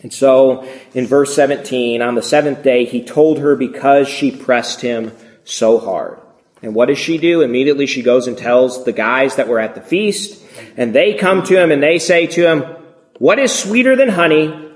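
A man preaching a sermon, retelling a scripture story in a lively way and acting out the characters' lines. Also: medium pitch, moderate pace, echoey room. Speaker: pastor.

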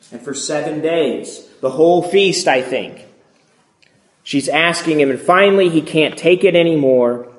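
A man preaching a sermon, retelling a scripture story in a lively way and acting out the characters' lines. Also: fairly high pitch, measured pace, echoey room. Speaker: pastor.

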